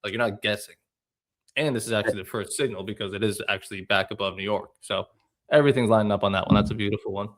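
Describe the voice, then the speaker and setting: Male host, lower register, relaxed explainer of trade setups, casual live-stream banter. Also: quick pace. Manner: explains chart setups step by step. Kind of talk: casual trading chat.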